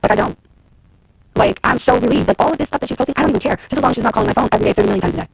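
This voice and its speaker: A woman in her thirties, a reality TV personality, venting on a livestream in a fast, profane, exasperated rant to her viewers. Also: a little high, gravelly, slightly rough, low-quality recording. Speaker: reality TV personality and executive producer. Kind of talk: Instagram live rant to viewers.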